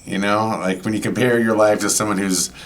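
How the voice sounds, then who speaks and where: Low-voiced man chatting casually. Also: steady tone, brisk. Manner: rambling, filler-heavy. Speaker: podcast co-host. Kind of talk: casual chat.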